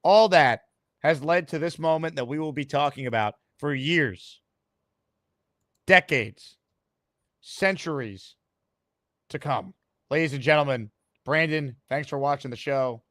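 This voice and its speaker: Brash male podcast host, fairly high voice, dry close sound, showy announcer delivery. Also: a little slow, pauses often, a bit bright, dry recording. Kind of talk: fan podcast monologue and call-in.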